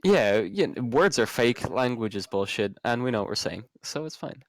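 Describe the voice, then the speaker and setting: A man's voice: mid-range voice, animated, normal speed, no echo. A man joking around in casual chat, with frequent hesitant fillers. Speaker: streamer.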